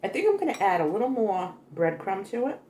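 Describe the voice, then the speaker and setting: A woman's voice: mid-range voice, very animated, a little fast, dark tone, echoey room, a little hiss or hum. An older woman hosting a homey cooking vlog, chatty and correcting herself as she talks through a recipe in her kitchen. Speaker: cooking vlogger. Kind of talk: casual cooking demonstration. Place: home kitchen.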